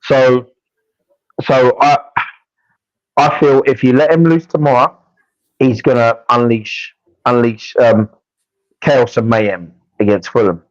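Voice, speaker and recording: Animated man on a dull dry mic. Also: medium pitch, slow, pauses often, dry recording. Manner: animated, frequent restarts and stumbles. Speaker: football podcast co-host. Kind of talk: casual fan match preview chat.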